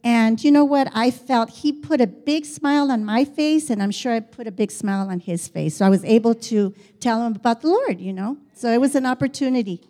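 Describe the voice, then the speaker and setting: A woman's voice: a little high, a little fast, few pauses. An older woman telling a personal story in a chatty way, acting out the dialogue as she goes. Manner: chatty, animated, quotes dialogue, frequent restarts.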